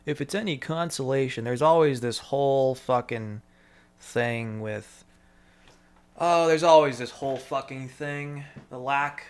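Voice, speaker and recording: A man's voice: mid-range voice, measured pace. A man in a rambling solo monologue, swearing freely and talking to himself. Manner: profane, meandering, talks to himself.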